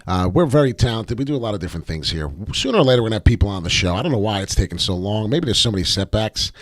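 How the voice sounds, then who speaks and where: A man's voice: on the low side, very fast, slight background noise. Brash, profane man ranting over charts. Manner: brash, profane, excitable, rambling. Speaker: crypto trading livestream host. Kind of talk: live chart analysis, off-the-cuff rant.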